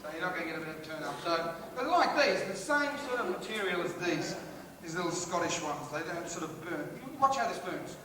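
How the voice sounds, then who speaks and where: A man's voice: sits high, lively intonation, a little fast, heavy background noise. Brash profane Australian man in a hall. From Australia, Queensland. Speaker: stand-up comedian. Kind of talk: live stand-up comedy rant. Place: large music hall on stage. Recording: echoey hall, distant, crowd audible.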